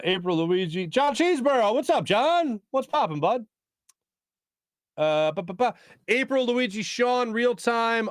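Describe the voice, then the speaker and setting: A man with a slightly high voice hosts a laid-back live sports talk stream, joking around, humming filler tunes, attempting celebrity impressions and reading viewer comments aloud. The recording is studio quality, with no echo.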